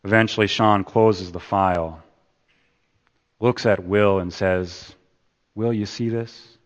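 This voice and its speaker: A man preaching a sermon. He swings from loud emphasis down to hushed, repeated words. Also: fairly low pitch, fairly even intonation, slow pace, highs cut off. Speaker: pastor. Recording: long hall reverb.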